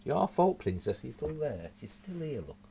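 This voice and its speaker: A man's voice: on the high side, big pitch swings, normal speed, creaky, dark tone, a little hiss or hum. A man with a Yorkshire accent hosting a casual news chat at home, reading articles aloud with rambling asides. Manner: rambling, chatty, with asides and slips. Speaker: news show host. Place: home room.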